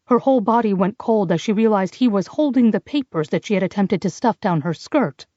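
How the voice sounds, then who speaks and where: Mellow-voiced woman narrating an audiobook. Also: mid-range voice, expressive, fairly quick, dry recording, lo-fi sound. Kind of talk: scripted narration.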